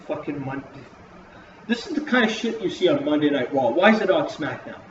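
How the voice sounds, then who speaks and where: This man's voice sits on the high side and comes out very animated and fairly quick as he casually reviews a wrestling show in his vlog. His talk is profane, rambling, and stuffed with fillers, captured on a dull, roomy lo-fi recording with hiss.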